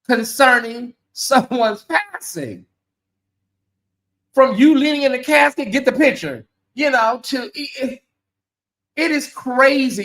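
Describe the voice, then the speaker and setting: Bright-voiced, emphatic woman commentator. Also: fairly high pitch. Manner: animated, emphatic, sarcastic. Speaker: commentary channel host. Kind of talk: casual commentary to viewers.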